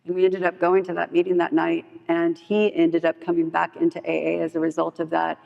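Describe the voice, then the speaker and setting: A woman's voice: lowish voice, completely flat delivery, a little fast, gravelly. A woman giving candid personal testimony in a chatty storytelling way at a meeting hall. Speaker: speaker at a recovery meeting. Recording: echoey hall, dull lo-fi sound.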